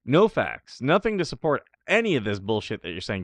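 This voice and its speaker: A man's voice: medium pitch, wildly swooping pitch, fairly quick, no room sound. A man hosting a live talk show, reacting to clips with scoffing, sarcastic remarks. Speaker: show host. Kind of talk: casual live commentary.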